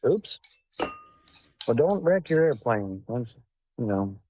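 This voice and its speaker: A man's voice: mid-range voice, sing-song, slow pace, noisy background. Blunt, profane man hosting a stream. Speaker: livestream host. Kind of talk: casual livestream chat. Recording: dull lo-fi sound.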